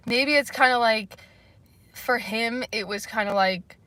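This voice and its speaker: Chatty young Canadian woman, bright voice. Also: on the high side, measured pace. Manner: rambling, laughing often, lots of "like". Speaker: livestream host. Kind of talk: casual livestream chat, reading comments.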